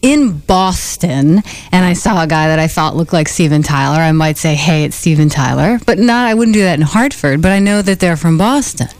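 A woman's voice: lowish voice, normal speed, hardly any pauses, no echo. A woman co-hosting a radio show, chatting with giggly banter. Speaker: radio co-host. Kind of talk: casual talk radio chat.

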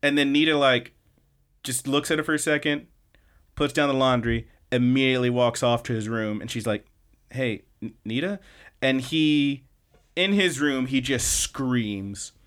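A man's voice: mid-range voice, fairly bright tone, clean tone. A man with an ordinary, mid-range voice talks through a story the way friends retell a show. He is loose and informal, with fillers and the odd curse, and slips briefly into the characters' lines as he goes. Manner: chatty storytelling, quoting characters in quick bits; loose, with frequent fillers and swearing. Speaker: podcast host. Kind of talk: casual anime episode recap.

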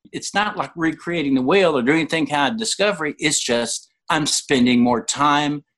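Older man telling animated stories. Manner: animated, voices other people in quotes with sudden pitch jumps. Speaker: interview guest. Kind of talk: conversational personal storytelling.

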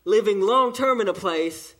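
A man with a Southern American accent preaching a sermon in church, with emphatic pauses. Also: sits high, fairly bright tone. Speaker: pastor. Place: church during an evening service.

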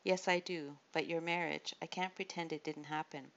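A commanding king, read by a low-voiced woman. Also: fairly even intonation. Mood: firm. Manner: firm, measured. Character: proud adult male king, commanding. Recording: dull lo-fi audiobook recording.

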